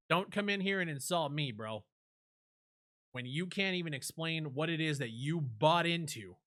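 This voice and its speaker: A brash streamer lays into an opponent with profane, combative talk, on a voice that sits a touch high. The tone is bright and cutting, and the close mic sounds dry and intimate. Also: male voice, animated, moderate pace, no room sound. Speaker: streamer and YouTube host. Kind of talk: heated live-stream rant and argument.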